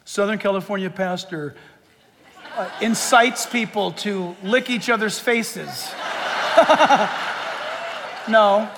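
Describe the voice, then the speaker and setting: High-voiced sarcastic preaching man. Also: takes it slowly, pauses often, long reverb tail, noisy background. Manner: sarcastic rhetorical questioning, rising to forceful emphasis. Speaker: pastor. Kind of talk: sermon.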